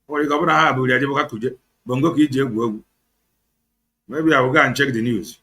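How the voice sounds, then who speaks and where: A man's voice: medium pitch, steady tone, normal speed, bright, forceful tone. A Nigerian man with an Igbo accent, hosting an online show, giving heated, sarcastic political commentary and switching between English and Igbo. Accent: Nigerian, Igbo-speaking.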